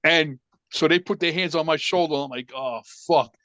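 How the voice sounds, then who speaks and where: A man's voice: fairly high pitch, fairly quick, no echo, highs cut off. A man telling a story on a podcast, acting out the voices of the people in it. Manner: animated storyteller acting out quotes, frequent swearing. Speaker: podcast guest. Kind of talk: casual storytelling.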